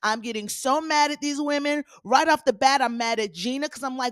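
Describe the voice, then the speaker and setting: A woman hosting a solo commentary podcast, talking in a sassy, animated way with playful asides to her listeners. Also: high voice, normal speed, hardly any pauses, no room sound, studio quality. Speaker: podcast host.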